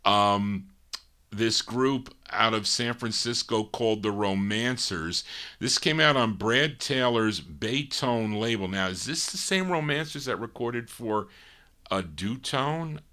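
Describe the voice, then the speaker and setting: Slow-talking rambling male record show host. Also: lowish voice, pushed and bright. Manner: rambling, digressive, chuckles to himself. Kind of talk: casual live record show chat.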